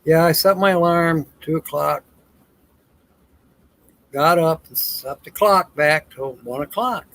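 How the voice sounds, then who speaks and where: A man's voice: a little high, takes it slowly, long pauses, fairly bright tone, rough recording. A tired man hosting a casual livestream, telling jokes and reading viewer comments aloud with frequent chuckles. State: tired, yawning. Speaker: livestream host.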